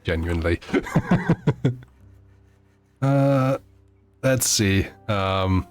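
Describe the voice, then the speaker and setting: A man's voice: medium pitch, animated, soft background music. Chatty man streaming a game. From Netherlands. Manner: chatty, halting, with many fillers and restarts. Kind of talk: live gameplay stream chat.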